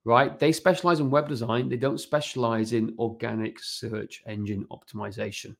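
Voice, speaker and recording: A man in his forties, a fitness business and website consultant, appears as a podcast guest and explains website matters in a casual, animated way, often checking in with "right?". His voice is medium-pitched and creaky, with fairly even intonation and a moderate pace.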